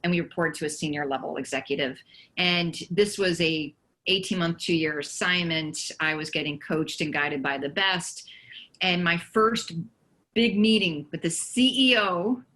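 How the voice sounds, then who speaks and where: A woman on a panel telling career stories in a lively way, laughing now and then. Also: on the low side, a little slow, low-quality recording. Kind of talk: casual panel storytelling.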